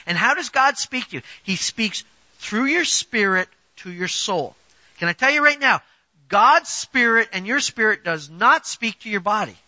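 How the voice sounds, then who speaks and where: A man delivers a sermon in a high voice with a sharp, bright edge. He talks to the congregation conversationally but with emphasis, pressing rhetorical questions. The recording is dry and a touch dull. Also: expressive, normal speed, dry recording. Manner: conversational, personal examples. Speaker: preacher.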